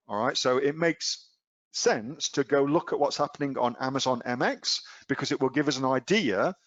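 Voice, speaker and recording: An Australian man leads a live screen-share lesson in a mid-pitched voice, speaking casually and bluntly. He keeps quizzing his viewers with rhetorical questions. The sound is dry and slightly muffled, like a basic computer microphone. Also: dry recording. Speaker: online selling coach.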